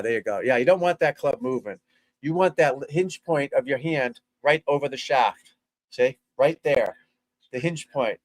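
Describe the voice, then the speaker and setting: A man's voice: mid-range voice, dry recording. A man, a golf instructor, giving casual livestream commentary in a blunt, chatty way, swearing freely and talking straight to his viewers. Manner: blunt, profane, chatty, addresses viewers as folks and guys.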